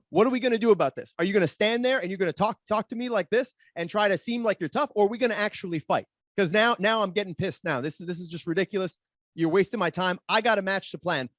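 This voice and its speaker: A man and podcast guest telling a story in an animated way, fast and with many restarts as he acts out quoted arguments. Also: high voice, dry recording, studio quality. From Canada. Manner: rapid, repeats words while acting out quoted arguments. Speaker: podcast guest, pro wrestler.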